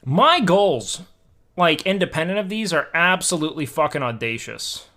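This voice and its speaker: A man's voice: on the high side, expressive, normal speed, pushed and bright. A young man livestreaming, chatting casually and musing aloud to his chat, swearing now and then, at a home desk mic.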